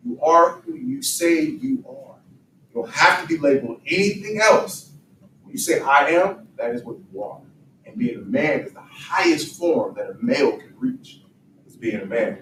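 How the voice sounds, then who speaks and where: A man's voice: a little high, normal speed, fairly bright tone. A man leading a youth group, giving a motivational talk with emphatic call-and-response, recorded from a distance in an echoey room. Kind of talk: motivational talk to young men. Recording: distant mic in echoey room with faint noise.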